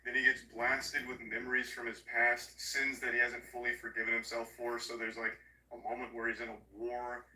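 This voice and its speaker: Man with a very bright, sarcastic voice. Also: medium pitch, moderate pace, recorded from a distance. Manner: sarcastic, profane, animated storytelling. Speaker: movie recapper. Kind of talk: casual comedic movie recap. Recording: echoey room, voice off-mic.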